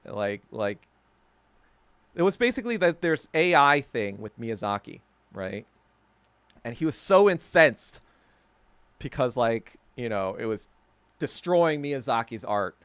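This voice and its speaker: A man's voice: mid-range voice, very animated, unhurried, long pauses, a bit bright, clean tone, dry recording. A man hosting a podcast, telling a story in a heated, profane, sarcastic rant. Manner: sarcastic, laughing at himself. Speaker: podcast host. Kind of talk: casual rant.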